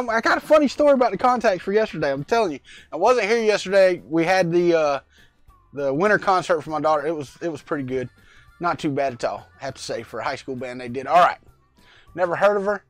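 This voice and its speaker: A middle-aged man with a high voice hosts a casual livestream from his home workspace, rambling into a lavalier mic and greeting chat viewers by name. The recording has no echo, and the talk is a laid-back live-chat vlog.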